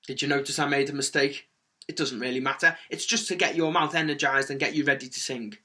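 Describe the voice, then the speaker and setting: A man leading a children's singing lesson, speaking clearly and encouragingly with lots of energy. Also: on the high side, expressive, fairly quick, sharp tone. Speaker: music teacher.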